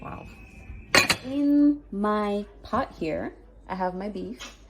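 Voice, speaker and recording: A woman's voice: medium pitch, lively intonation, extremely slow, a little mellow, faint music behind, poor audio. A woman talking viewers through a recipe in her home kitchen, casual and chatty, with approving hums as she goes. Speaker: home cook and vlogger. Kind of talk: casual cooking demonstration.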